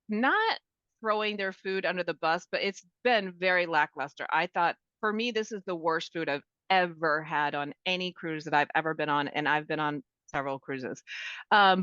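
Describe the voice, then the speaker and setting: A woman's voice: fairly low pitch, clear, resonant tone, no room sound. Chatty woman on a dull, dry recording. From Maine, USA. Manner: chatty, animated storyteller. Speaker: podcast co-host. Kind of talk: casual travel chat.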